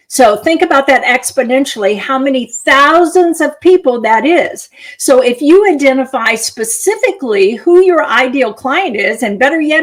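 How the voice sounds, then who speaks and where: Animated storytelling businesswoman, high-ish voice. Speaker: keynote speaker on marketing. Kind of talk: storytelling talk to a live audience.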